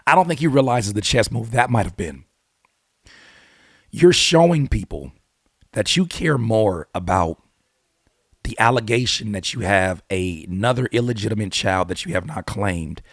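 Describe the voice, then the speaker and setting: A man hosting his own channel, giving blunt, animated hip-hop commentary full of rhetorical questions and casual swearing. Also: on the low side, moderate pace, dry recording, studio quality. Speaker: YouTube host and rapper. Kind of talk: opinionated music commentary.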